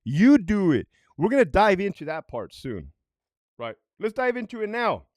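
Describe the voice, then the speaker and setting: A middle-aged former correctional officer tells prison stories in a worked-up, profane, animated way, constantly asking "right?" as storytime commentary. His voice is high-pitched at normal speed, recorded with clean studio sound and no room sound.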